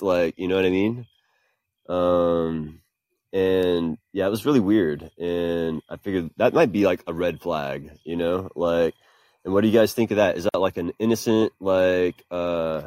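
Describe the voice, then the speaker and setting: A man's voice: deep voice, normal speed, a little mellow, no room sound. A young man chatting casually on a podcast call, rambling with lots of fillers. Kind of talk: casual chat.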